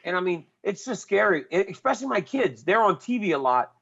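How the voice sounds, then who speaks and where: A man's voice: high-pitched, very animated, brisk, gravelly, a bit bright, slightly rough, highs cut off. A man talking as a guest in casual chat, earnest and repeating himself as he searches for words.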